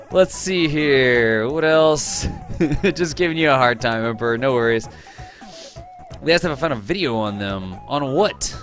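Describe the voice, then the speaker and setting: A man's voice: medium pitch, animated, slow, long pauses, faint music behind. A man hosting a live game stream, chatting casually with his viewers, greeting them by name, teasing them and laughing often.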